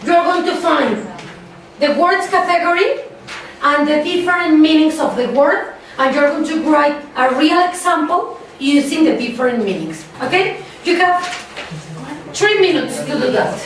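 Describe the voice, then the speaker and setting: A woman teacher giving a class slow, repeated, emphatic instructions. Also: sits high, slight background noise. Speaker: English teacher. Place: busy classroom. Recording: echoey classroom from far off, students chattering. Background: student chatter.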